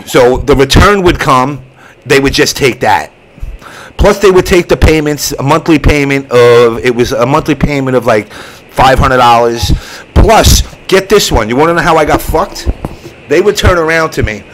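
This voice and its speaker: A man's voice: mid-range voice, normal speed, a little hiss or hum, low-quality recording. A man hosting a casual online show, telling a long story with lots of swearing and acted-out voices. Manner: profane, animated storytelling. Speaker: show host. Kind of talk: casual chat.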